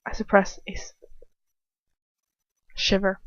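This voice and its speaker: A woman's voice: mid-range voice, level tone, a little slow, pauses often, dry recording, dull audio. A woman reading a fanfiction story aloud in the first person, dramatic, and stopping now and then to comment. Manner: dramatic, breaking off into laughing commentary. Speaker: fanfiction reader.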